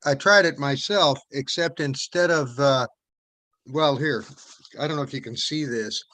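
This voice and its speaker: A man's voice: medium pitch, unhurried, a bit bright, no room sound. A man taking part in an online class, chatty and thinking aloud as he asks questions. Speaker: student. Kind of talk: casual class discussion. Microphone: video call.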